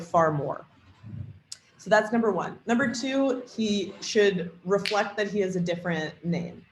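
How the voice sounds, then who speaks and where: A woman's voice: fairly low pitch, roomy sound, a little hiss or hum, low-quality recording. A woman giving a casual tutorial on tuning an AI character, thinking aloud with lots of fillers. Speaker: trainer demoing an AI character tool.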